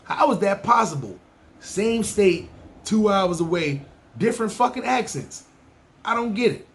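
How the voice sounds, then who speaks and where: A man with a New York City accent hosting a podcast, talking in a loose, animated, profane street style. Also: high-pitched, unhurried, gravelly. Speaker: podcast host. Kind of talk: casual monologue ranking places.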